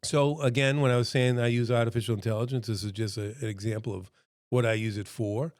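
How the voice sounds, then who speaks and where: A man's voice: mid-range voice, steady tone, fast talker, a little mellow, dry recording, clean studio sound. Chatty, earnest middle-aged man. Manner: chatty and earnest, lots of fillers and acted-out quotes. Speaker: restaurant consultant. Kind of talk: casual presentation to camera. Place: home room with a dog nearby.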